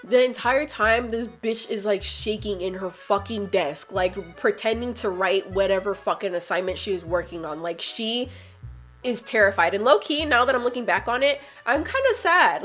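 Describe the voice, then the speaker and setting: A young woman telling a story casually, swearing a lot, her voice climbing higher whenever she gets heated. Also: moderate pace, soft background music. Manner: profane, animated, voice climbs when heated. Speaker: vlogger.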